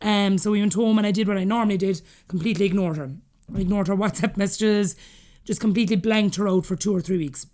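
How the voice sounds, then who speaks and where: Guesting on a podcast in a relaxed, story-driven interview, a Cork-accented Irishwoman in her thirties talks through personal anecdotes and laughs often. Her medium-pitched voice is mellow and steady in tone, though she speaks fast.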